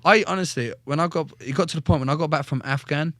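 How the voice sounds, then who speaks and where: A man's voice: fast, no echo. A young man, a former soldier and fighter, telling stories bluntly with heavy swearing and acting out what others said. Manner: blunt, animated, acts out quotes with shifting pitch. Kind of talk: casual storytelling with heavy swearing.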